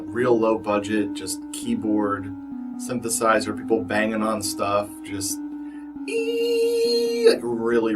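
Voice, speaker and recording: Low-voiced man, tired rambling movie vlogger with a wry sense of humor, a bit off-mic, faint guitar behind. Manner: rambling, wry, self-deprecating. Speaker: movie reviewer. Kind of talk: casual vlog review. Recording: voice a little far from the mic.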